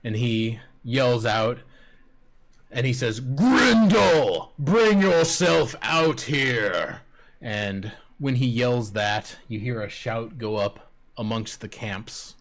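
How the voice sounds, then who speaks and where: A man narrating a tabletop game as game master, in a calm, measured way. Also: fairly low pitch.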